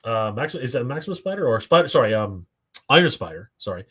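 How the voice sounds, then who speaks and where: A man hosting a live stream, rambling excitedly with lots of fillers and restarts. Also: medium pitch, fast talker, husky. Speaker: toy show host. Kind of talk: casual live-stream commentary.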